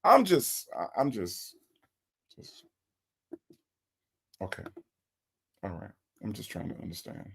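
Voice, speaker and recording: A man's voice: lowish voice, big pitch swings, slow pace, vocal fry, long pauses, slight background noise. A man hosting a live stream, reviewing a recorded call and talking to his chat in an incredulous, repetitive way. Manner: exasperated, incredulous, repeats questions to the chat.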